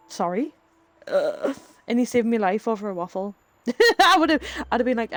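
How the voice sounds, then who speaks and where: A woman's voice: mid-range voice, lively intonation, a little fast, soft background music. A woman, chatting casually with her live chat, laughing often and telling rambling stories. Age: 30s. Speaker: streamer.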